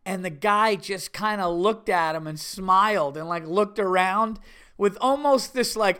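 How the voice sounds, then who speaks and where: A New York man hosts a podcast, casually telling a story and animatedly acting out the voices of the people he quotes. His high voice is clear and resonant, at a moderate pace.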